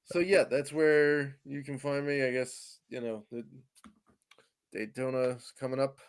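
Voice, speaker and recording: A man's voice: medium pitch, steady tone, a little slow, clear, resonant tone. A man in casual podcast chat as a fantasy sports analyst guest, explaining at length with fillers and easy chuckles.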